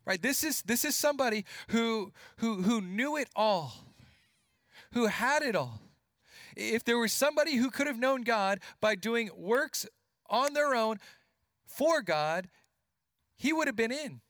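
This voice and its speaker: High-voiced earnest male preacher, dry sound. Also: expressive, unhurried, fairly bright tone, no echo. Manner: earnest, repeats words while building points, drops voice for emphasis. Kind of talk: sermon.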